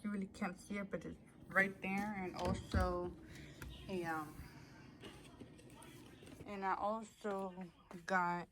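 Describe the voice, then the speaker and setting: A woman's voice: mid-range voice, steady tone, takes it slowly, long pauses, a bit bright, slight background noise. A woman chatting casually to her viewers, a little out of breath, rambling with lots of fillers and restarts. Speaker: vlogger. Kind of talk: casual haul chat to camera.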